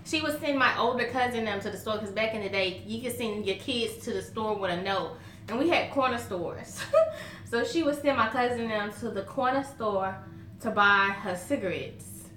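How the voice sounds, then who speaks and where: Bright-voiced Southern woman, chatty. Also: fairly high pitch, moderate pace, a little hiss or hum. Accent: Southern American. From Southern United States. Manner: chatty and folksy, laughs often while telling stories. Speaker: vlogger. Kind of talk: casual chat to camera. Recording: roomy echo.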